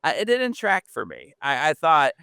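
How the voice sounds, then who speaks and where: A man with a mid-pitched, very bright and smooth voice chats casually on a podcast, laughing often and jumping into high squeaks when he presses a point. The recording is dry and close. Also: huge pitch swings, moderate pace, no echo. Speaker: podcast co-host. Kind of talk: casual chat, movie review.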